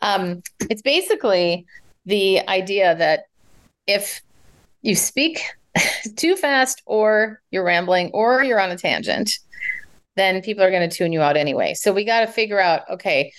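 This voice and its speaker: A woman speech coach talks through communication tips. She speaks in an animated way and demonstrates vocal variety, rising and dropping her pitch as she explains. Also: a little slow. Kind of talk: advice interview.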